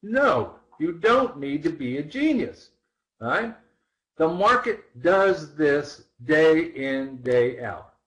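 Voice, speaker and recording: A man's voice: on the high side, very animated, slow pace, fairly bright tone, poor audio. A man teaching a trading seminar, walking through charts with rhetorical questions and repeated phrases. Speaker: trading instructor. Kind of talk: live seminar chart walkthrough.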